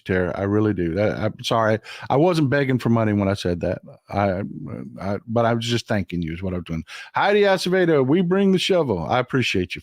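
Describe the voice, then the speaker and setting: A man's voice: on the low side, no echo, studio quality. Blunt, profane older man on a livestream. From Texas. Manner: blunt, profane, reads viewer comments aloud. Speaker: livestream host. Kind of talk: casual livestream commentary.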